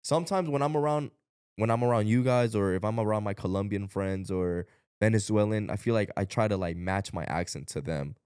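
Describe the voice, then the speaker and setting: A man from Ecuador co-hosting a podcast, talking fast in a rambling, animated way with plenty of slang. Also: lowish voice, clean tone, no echo, studio quality. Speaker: podcast co-host. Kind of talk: casual podcast chat.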